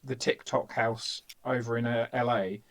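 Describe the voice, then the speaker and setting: A man's voice: mid-range voice, level tone, unhurried, gravelly. An upbeat man in his thirties with an Essex accent, chatting casually before an online game session and telling stories. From England. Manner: upbeat, storytelling, does voices. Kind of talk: casual pre-game chat.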